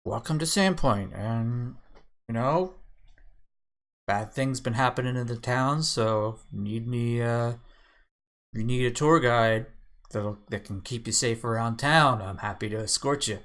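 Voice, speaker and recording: A man's voice: mid-range voice, measured pace, fairly bright tone, close to an everyday voice. A man voicing a brash, flirtatious male half-orc townsman in a tabletop game, speaking in a pushy, overly friendly way. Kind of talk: tabletop role-play voice.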